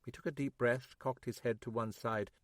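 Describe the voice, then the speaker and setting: A man gives steady, measured scripted narration of a mystery audiobook in a mid-range voice. The studio-quality recording has no room sound.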